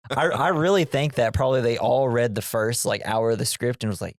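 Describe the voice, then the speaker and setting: A man's voice: medium pitch, a little fast, no room sound, studio quality. A man co-hosting a casual movie podcast, rambling and acting out characters' lines. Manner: rambling, acts out quoted lines. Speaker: podcast co-host. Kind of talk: casual movie review chat.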